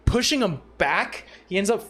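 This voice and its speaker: A man with a high voice narrates a tabletop game as its game master. He talks loosely, with many fillers and restarts. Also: animated, normal speed, fairly bright tone, a little hiss or hum.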